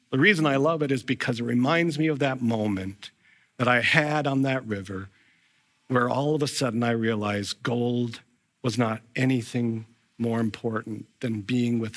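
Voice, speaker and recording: A man preaching a storytelling sermon, acting out the voices of the people in his stories. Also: medium pitch. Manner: animated, acts out voices in retold scenes. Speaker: pastor.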